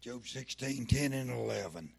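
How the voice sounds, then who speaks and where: A man preaching a sermon, breaking in with fervent shouts of praise. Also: medium pitch, expressive, normal speed. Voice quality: gravelly.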